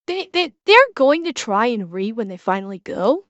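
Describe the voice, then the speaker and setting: A woman streaming from home, talking over a video with blunt, swear-heavy commentary. Her voice sits fairly high and sounds close and dry, with little room around it. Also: sing-song, moderate pace, no echo, dull audio.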